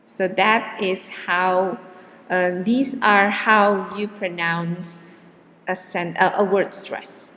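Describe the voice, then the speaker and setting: A woman teaching English pronunciation in a slow lecture, with many "okay" and "yeah" check-ins. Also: on the low side, steady tone, a bit bright. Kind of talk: classroom lecture. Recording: long hall reverb.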